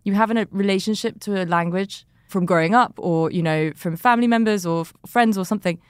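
A woman's voice: mid-range voice, brisk, clean tone, no echo, studio quality. A woman hosting a podcast interview, talking in an enthusiastic, chatty way. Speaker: podcast host. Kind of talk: conversational interview.

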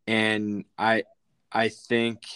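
A man co-hosting a sports podcast, his thoughts coming out in halting bursts full of fillers. His voice sits low and sounds smooth and clean. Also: completely flat delivery, fairly bright tone. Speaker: podcast co-host. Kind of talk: sports talk chat.

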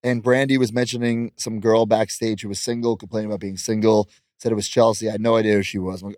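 A man's voice: on the low side, little pitch movement, quick pace, darkish tone, no room sound, studio quality. A man in his thirties, a professional wrestler, chatting in an interview in a brash, boastful way and laughing often. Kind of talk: casual interview chat.

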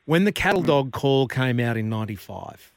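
Upbeat radio sports host. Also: male voice, mid-range voice, expressive, moderate pace, dry recording, studio quality. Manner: chatty and upbeat, laughs along.

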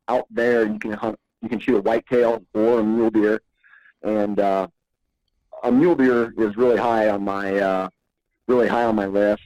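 A man's voice: on the low side, a little mellow, dry recording, dull audio. A man guesting on a podcast, telling stories in a laid-back, rambling way and chuckling often. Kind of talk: casual podcast storytelling.

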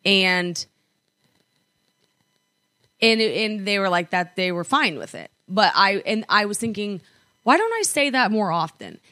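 Young woman, bright tense voice, chatty with lots of likes, dry close sound. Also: medium pitch, sing-song, measured pace, pauses often, no echo. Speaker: podcast co-host. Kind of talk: casual chat. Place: apartment.

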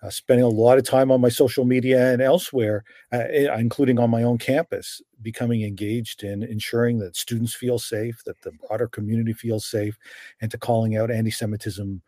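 A man from Canada speaking as a guest on a podcast interview, earnest and measured. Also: medium pitch, little pitch movement, mellow, dry recording. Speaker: law professor guest.

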